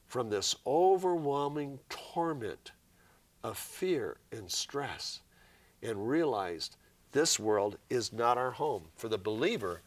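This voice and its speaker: A man, a guest author on a Christian interview program, telling a story in an earnest way and reading scripture passages aloud with feeling. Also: medium pitch.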